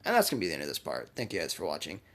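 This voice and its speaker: A man's voice: low voice, wildly swooping pitch, rapid-fire, a bit bright. A young man casually telling a fan-made story to his channel, rambling with fillers and the odd swear. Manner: rambling, with many fillers and profanity. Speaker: YouTube storyteller.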